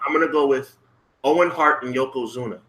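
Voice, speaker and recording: A man's voice: mid-range voice, fast, bright, forceful tone. An easygoing man chatting casually as a podcast co-host. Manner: easygoing, laughs easily. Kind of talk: casual chat.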